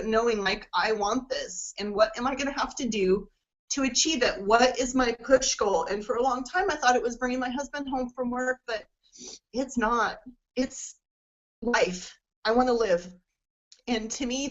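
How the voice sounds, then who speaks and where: A woman's voice: a little high, a bit bright. A woman in her forties talking casually about her goals as a coach, rambling with many fillers and getting emotional. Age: 40s. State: emotional, near tears. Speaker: network marketing coach. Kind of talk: casual personal sharing. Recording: dull lo-fi sound.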